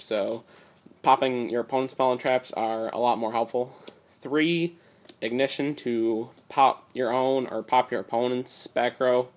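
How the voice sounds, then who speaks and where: Young male hobbyist, casual rambling delivery, slightly strained voice, tablet recording. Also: mid-range voice. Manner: rambling, many fillers and "like". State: strained voice from talking a lot. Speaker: card game deck reviewer. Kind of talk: casual deck profile talk.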